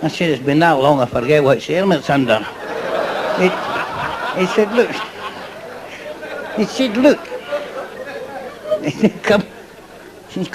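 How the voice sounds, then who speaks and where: A man's voice: on the high side, sing-song, moderate pace, pauses often, a crowd in the background. A Scottish man doing live stand-up, rambling through jokes and chuckling at his own lines. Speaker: stand-up comedian. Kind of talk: live stand-up joke telling. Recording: live club recording with audience laughter and noise.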